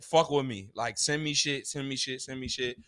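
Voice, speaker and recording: A man's voice: medium pitch, normal speed, pushed and bright. A young man hosting his own podcast, ranting in a profane, exasperated comic monologue full of rhetorical questions. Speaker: podcast host. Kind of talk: solo comedic rant.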